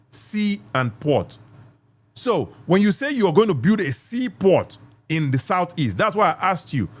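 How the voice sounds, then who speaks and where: A man with a Nigerian accent hosting a live call-in podcast debate, assertive and lecturing, repeating himself for emphasis. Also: on the high side. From southeast Nigeria. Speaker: podcast host.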